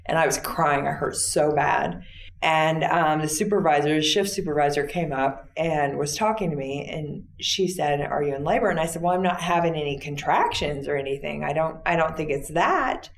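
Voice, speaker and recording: A woman interview guest retelling a personal story in a plain, halting way with fillers. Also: low voice, reverberant.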